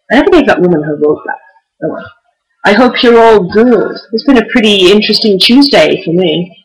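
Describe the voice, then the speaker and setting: A woman's voice: medium pitch, lively intonation, normal speed, breathy edge, poor audio. A young woman vlogging, telling a story in a chatty, giggly way full of "like" and restarts. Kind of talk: casual storytelling to camera.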